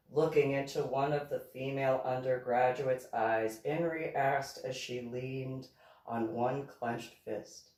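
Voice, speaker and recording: A woman, an author, reading her own novel aloud slowly and deliberately. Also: mellow. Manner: slow, deliberate reading with a wide pitch swing. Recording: echoey room, far from mic.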